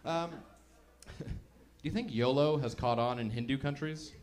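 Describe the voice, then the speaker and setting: A man doing stand-up on a club stage, talking in an easy, chatty way at a middle pitch. He mocks himself and keeps slipping into little put-on voices. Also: unhurried, darkish tone. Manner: chatty, self-mocking, acts out voices. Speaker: stand-up comedian. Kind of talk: stand-up comedy set.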